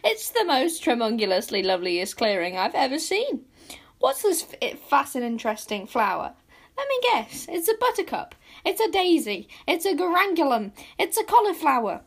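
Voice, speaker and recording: A squeaky little male sprite gushes in a shrill, tumbling rush, as a woman reads the storybook. He is eager and not very clever, and every word jumps up high. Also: sing-song, normal speed. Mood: gushing. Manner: shrill, gushing, tumbling words. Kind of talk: storybook reading.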